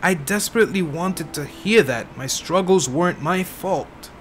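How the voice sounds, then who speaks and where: A man voicing a worn-out old woman, husky and tired, grieving and bitter. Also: high voice, moderate pace, a bit bright, a little hiss or hum, pitched above the performer's own voice. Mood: somber. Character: weary older woman, grieving former cult member.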